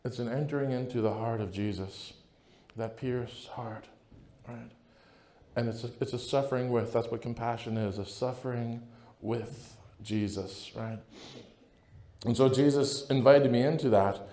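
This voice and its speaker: A man's voice: medium pitch, fairly even intonation, measured pace, dark tone. Earnest man preaching in an echoey hall. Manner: earnest, conversational, keeps asking "right?". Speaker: priest. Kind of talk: conference talk, personal testimony. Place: large hall at a conference.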